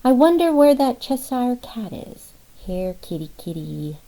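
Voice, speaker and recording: A woman's voice: on the high side, very animated, a little slow, warm tone, pitched above the performer's own voice, poor audio. A woman reading as a polite Southern woman. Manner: polite, hesitant.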